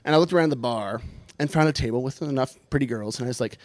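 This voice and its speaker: A man telling a comic personal story in a self-deprecating, animated way, building toward punchlines. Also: mid-range voice, quick pace, dry recording.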